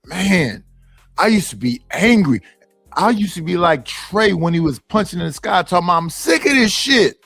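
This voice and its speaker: A man's voice: high voice, expressive, normal speed, vocal fry, fairly bright tone, breathy edge, no room sound, faint music behind. A man talking casually on a podcast panel, blunt, profane and emphatic. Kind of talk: casual chat.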